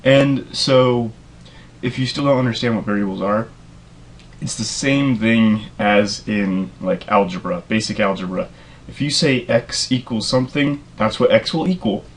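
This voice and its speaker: Calling himself a nerd, a young programming tutorial host rambles eagerly through a casual lesson, full of filler words. His voice is on the low side and he keeps a measured pace. A little hiss or hum is audible.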